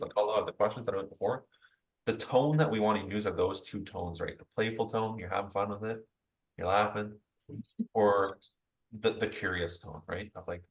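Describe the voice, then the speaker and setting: A man giving a conversational sales training talk to a group, upbeat and chatty, tagging most points with a quick "right?". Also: on the low side, poor audio. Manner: upbeat coaching tone, addresses group directly. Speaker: real estate sales trainer.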